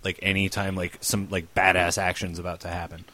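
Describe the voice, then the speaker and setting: A man's voice: low-pitched, flat delivery, fairly quick, sharp tone. A young man interviewing a musician, eager and peppering his questions with "like". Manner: enthusiastic, peppered with "like". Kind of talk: casual interview.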